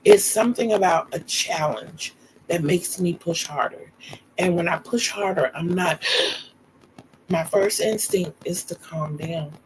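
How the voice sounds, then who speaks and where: A woman's voice: fairly low pitch, unhurried, a little hiss or hum, low-quality recording. A middle-aged woman, hosting a livestream and telling personal stories in a casual, chatty way to viewers she calls y'all. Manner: warm storyteller, laughs often, talks to viewers as y'all. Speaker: livestream host. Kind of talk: casual storytelling chat.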